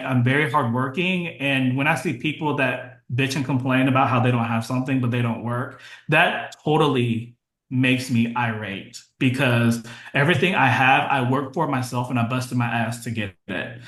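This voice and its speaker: A man talks openly as a podcast guest, his thoughts coming in short restarting bursts with fillers. His voice sits at a middle pitch. The room around him sounds echoey. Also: a bit bright. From United States. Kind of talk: casual interview conversation.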